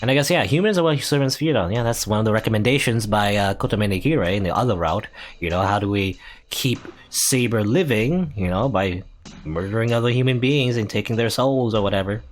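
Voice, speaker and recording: Sarcastic let's-play host reading aloud. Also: male voice, lowish voice, fairly quick. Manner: dry, sarcastic asides between read lines. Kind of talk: reading game text aloud with casual commentary. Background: faint game music.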